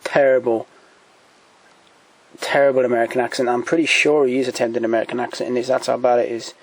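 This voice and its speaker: A man speaks at an everyday middle pitch, thinking aloud as he goes, with frequent ums and restarts. He is off-the-cuff and keen, recorded at home beside a shelf. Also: level tone, fast, low-quality recording. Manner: hesitant, many ums and restarts, enthusiastic recommendations. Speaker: collector showing DVDs. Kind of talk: casual off-the-cuff commentary.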